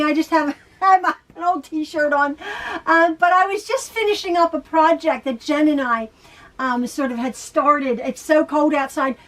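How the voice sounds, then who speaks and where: A middle-aged woman chatting through a home sewing tutorial, talking quickly and rambling with fillers and restarts. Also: sits high, distant mic. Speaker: quilting teacher. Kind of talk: casual sewing tutorial chat.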